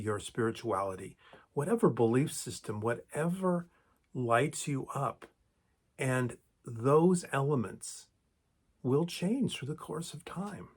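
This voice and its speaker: A middle-aged man with a mid-pitched voice speaks thoughtfully to his camera as the host of his own channel. He often restarts sentences and repeats words while searching for the right phrasing. His pitch lifts brightly on the words he wants to stress. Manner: thoughtful, with lively rises in pitch on key words. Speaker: creator and host of a video channel. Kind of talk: reflective solo talk to camera.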